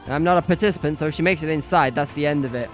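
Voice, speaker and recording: A woman's voice: deep voice, racing, soft background music. A woman narrating a visual novel let's play, reading the lines and joking with casual swearing. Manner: lively, swears and laughs at herself.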